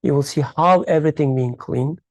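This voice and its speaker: A speaker in a faith study circle who explains a hadith in a halting, reflective way, searching for words and using uneven English grammar. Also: mid-range voice, darkish tone, no echo.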